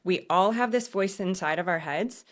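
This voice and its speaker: A woman hosting a casual podcast conversation, her voice sitting a little low. She talks earnestly and encouragingly, now and then slipping into quick acted-out asides of inner thoughts. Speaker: podcast host.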